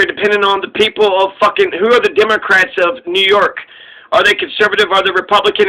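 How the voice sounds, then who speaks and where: A man's voice: high voice, sharp tone, rough recording. A man giving a rambling, profane, sarcastic political rant as a commentary host.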